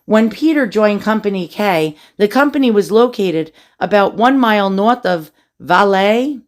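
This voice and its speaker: A woman's voice: mid-range voice, animated, a little slow. Chatty woman reading family war records. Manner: chatty, asides and jokes while reading records. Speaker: family history video host. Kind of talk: casual documentary narration.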